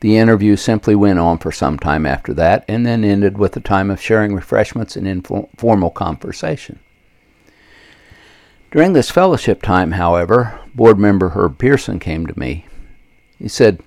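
An older man reading his own memoir aloud in a measured, earnest way, with occasional slips. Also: on the low side, lively intonation, a little mellow, no room sound. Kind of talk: memoir narration.

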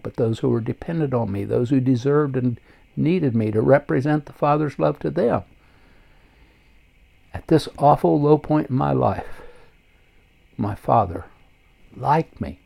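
A man's voice: mid-range voice, creaky, darkish tone. An older man, a pastor, reading his own memoir aloud in an earnest, reflective way.

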